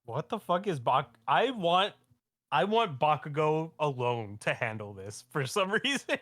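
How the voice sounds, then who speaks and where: A man co-hosting a podcast, reacting with excited, profanity-laced remarks in casual chat. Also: on the high side, measured pace, no room sound. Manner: excitable, swears a lot in reactions. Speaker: podcast co-host.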